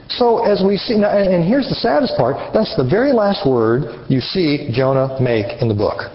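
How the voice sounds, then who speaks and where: A man preaching an interactive sermon, animated and questioning his audience. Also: medium pitch, moderate pace. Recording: muffled lo-fi recording.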